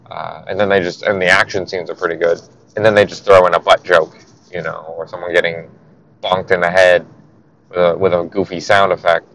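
A man's voice: sits low, a bit bright, a little hiss or hum, low-quality recording. Rambling, foul-mouthed podcast guy. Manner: rambling, profane, offhand. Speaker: podcast host. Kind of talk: casual podcast monologue. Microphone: headphone mic.

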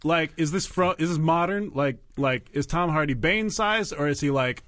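Bright, teasing man asking questions. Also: on the high side, normal speed, no room sound, clean studio sound. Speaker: podcast co-host. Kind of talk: casual chat.

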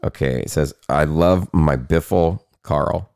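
A man's voice: very deep voice, measured pace, a little mellow, clear, resonant tone. A middle-aged man hosting a casual podcast chat, crude and joking, laughing often. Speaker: podcast host.

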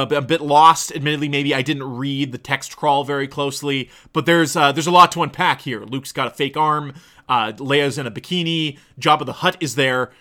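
Guy in his 30s rambling thru an old story, swears a lot, keeps digressing, bright edgy voice. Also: mid-range voice. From Canada. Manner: profane, digressive, self-deprecating. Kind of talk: casual rambling anecdote.

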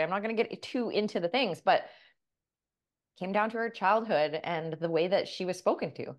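A woman co-hosting a podcast, talking earnestly and telling stories that quote the people in them. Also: fairly low pitch. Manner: earnest, storytelling, quotes others in dialogue. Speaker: podcast co-host. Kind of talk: reflective podcast conversation.

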